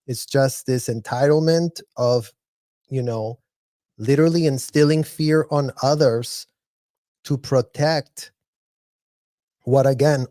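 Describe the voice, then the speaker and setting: A man's voice: mid-range voice, dark tone, no room sound. Impassioned man speaking emphatically. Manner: impassioned, emphatic, slows to stress words. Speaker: guest on live stream. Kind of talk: casual chat, impassioned commentary.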